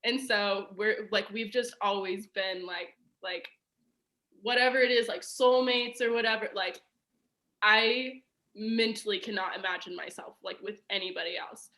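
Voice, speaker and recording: A woman's voice: medium pitch, steady tone, a little slow, sharp tone. A young woman telling a personal story as a podcast guest, chatty and casual, full of "like" and fillers. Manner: chatty, filler-heavy with frequent "like" and laughs.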